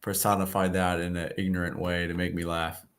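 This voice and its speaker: A man's voice: low-pitched, flat delivery, brisk, slight background noise. A middle-aged man hosting a podcast, chatting loosely and telling stories with profanity. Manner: laughing, loose storytelling with profanity. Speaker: podcast host. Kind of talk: casual chat.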